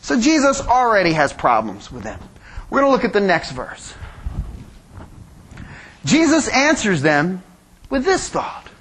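A man preaching a sermon as pastor, animated, acting out quoted voices and making joking asides. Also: high voice, unhurried, long pauses, husky.

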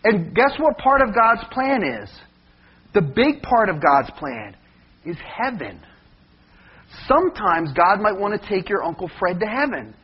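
Animated male preacher, husky, lively pitch, lo-fi sound. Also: a little slow. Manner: animated, questions the congregation often. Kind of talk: sermon. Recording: dull lo-fi recording.

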